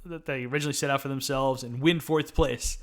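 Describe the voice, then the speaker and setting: A man's voice: medium pitch, steady tone, fast. A man co-hosting a podcast, recapping a movie in casual chat, laughing often and acting out lines. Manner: acts out quotes with shouting bursts, laughs often. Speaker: podcast co-host.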